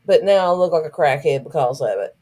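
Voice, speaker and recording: A woman's voice: low voice, lively intonation, fairly quick, dark tone. A woman co-hosting a livestream, frank and joking. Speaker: co-host. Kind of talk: casual livestream chat.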